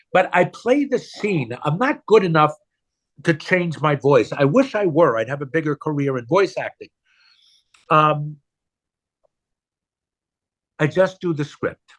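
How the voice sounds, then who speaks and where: A man, an actor, talking about his work in a conversational interview, animated and self-deprecating. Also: on the high side. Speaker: actor guest.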